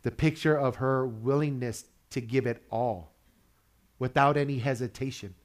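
A man preaching a sermon in a loose, conversational way, asking the congregation questions and chuckling between points. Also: medium pitch. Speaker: pastor.

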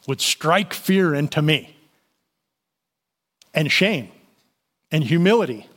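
A man with a slightly higher voice delivers a relaxed, conversational sermon. He walks through the scripture passage, stopping to explain it with plenty of "you know" and small restarts. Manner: conversational Bible teaching with fillers and restarts. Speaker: pastor.

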